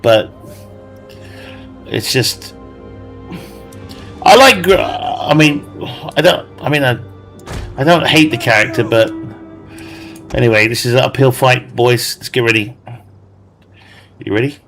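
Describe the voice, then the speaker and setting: A man's voice: mid-range voice, unhurried, long pauses, a bit bright, faint music behind. A man giving casual, joking gameplay commentary and laughing often. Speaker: gamer.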